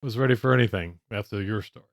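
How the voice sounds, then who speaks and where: A man's voice: fairly low pitch, fast, dry recording. A man co-hosting a casual chat, laid-back with a dry sense of humor. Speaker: co-host, husband.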